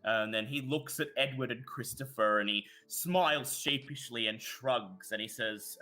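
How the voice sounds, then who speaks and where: A man narrating a tabletop horror game as game master, telling the scene in an animated way with hesitations. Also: medium pitch, moderate pace, few pauses, soft background music.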